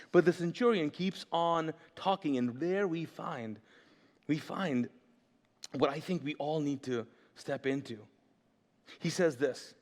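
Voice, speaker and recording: A high-voiced male pastor preaching an animated, jokey sermon. He keeps asking the room to call out the next word, and his voice rings through a long church reverb. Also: slow. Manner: animated, jokey, asks the audience questions.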